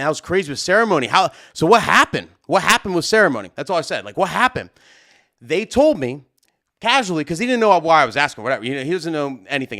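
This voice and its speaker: A young man hosting a live stream, telling a heated story loudly and acting out both sides of an argument. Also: mid-range voice. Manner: loud, animated, acts out both sides of the argument. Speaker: host.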